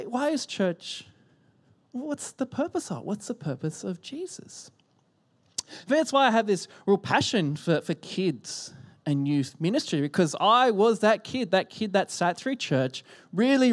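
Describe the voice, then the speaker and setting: A man delivers a sermon from the front of a church, holding a microphone. He talks in an animated way, jumping up for emphasis and then sinking into hushed, almost whispered lines. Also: high voice. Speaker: pastor. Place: church hall. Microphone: handheld microphone.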